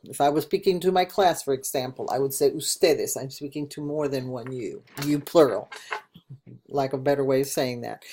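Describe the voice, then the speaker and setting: A woman's voice: deep voice, dark tone. An older woman, a retired teacher working from home, giving a patient language lesson and spelling out words for learners.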